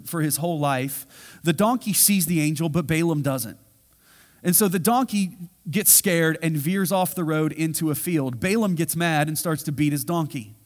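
Storytelling pastor in a reverberant hall. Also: male voice, on the high side. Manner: animated storytelling, acts out quoted lines. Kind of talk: sermon.

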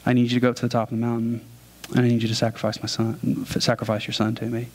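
A man's voice: medium pitch, monotone, racing, darkish tone, close to an everyday voice. A man voicing God in a sermon story, giving plain, matter-of-fact commands. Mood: commanding.

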